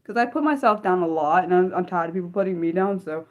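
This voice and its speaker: Chatty excitable young woman streamer. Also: on the low side, quick pace. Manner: chatty, excitable, lots of fillers and restarts, reads chat aloud. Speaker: livestream host. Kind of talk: unscripted livestream chat with viewers.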